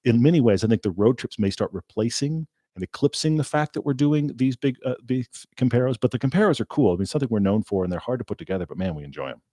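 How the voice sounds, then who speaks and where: A man's voice: mid-range voice, animated, fast talker, few pauses, dark tone, no echo, clean studio sound. A man co-hosting a live-streamed car podcast, chatting casually and teasing his co-host.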